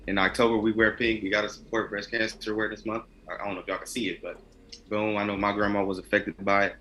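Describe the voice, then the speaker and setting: A man co-hosting a podcast, giving a quiet, earnest sign-off. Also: fairly low pitch, flat delivery, fast talker. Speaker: podcast co-host. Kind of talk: casual sign-off.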